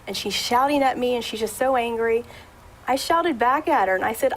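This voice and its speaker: A woman audiologist talking as a guest on a local talk show, chatty, with many fillers and restarts, and animated when retelling a story. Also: fairly high pitch, brisk, slight background noise, poor audio.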